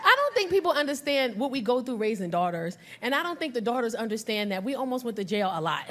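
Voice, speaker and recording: On a comedy club stage, a brash woman stand-up with a lively, high voice rattles through her set at a fast clip. She works the crowd and acts out voices, and the live recording catches the audience laughing.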